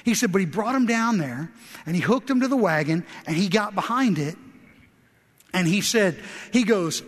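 High-voiced preacher in a reverberant church. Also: male voice, lively intonation, normal speed. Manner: impassioned preaching, folksy storytelling. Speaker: pastor. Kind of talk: sermon with storytelling. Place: large church sanctuary. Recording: long reverb of a large church.

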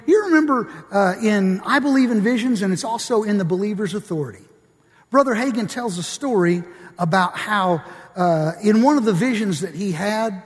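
A man's voice: high-pitched, big-room sound. A man preaching a sermon to a congregation, reading quotes from books aloud and putting questions to the listeners.

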